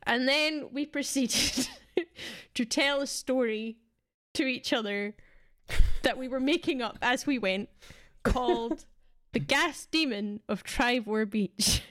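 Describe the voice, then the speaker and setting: A woman's voice: on the high side, slow, fairly bright tone. A young Scottish woman co-hosting a podcast, telling stories in chatty, casual talk and laughing a lot. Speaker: podcast co-host. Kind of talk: casual storytelling chat.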